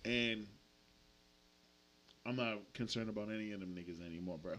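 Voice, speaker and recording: A man's voice: lowish voice, moderate pace, fairly bright tone, slight background noise. A man, a podcast host, talking bluntly and casually with heavy swearing. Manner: blunt, profane. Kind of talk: casual chat.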